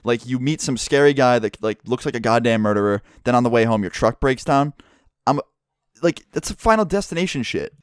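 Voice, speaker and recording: A young YouTuber tells a story vlog in a lively manner, swearing throughout and talking a little fast. His middle-pitched voice is smooth and clear, recorded dry and close to the mic.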